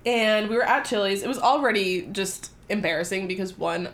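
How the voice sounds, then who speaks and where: A young adult woman co-hosting a podcast, telling a funny story in an animated, profane way with lots of asides. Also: medium pitch, brisk. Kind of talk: comedic storytelling.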